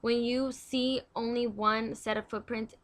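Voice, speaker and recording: A young woman reads a daily devotional aloud in a casual, chatty way, often tripping over words and restarting. Her voice is bright and sharp. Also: on the high side, little pitch movement, measured pace. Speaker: devotional video host.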